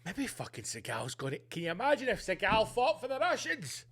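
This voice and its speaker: A man hosting a comedy podcast, ranting loudly and profanely with lots of animation. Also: high-pitched, huge pitch swings, brisk, few pauses. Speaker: podcast host. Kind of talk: comedic rant.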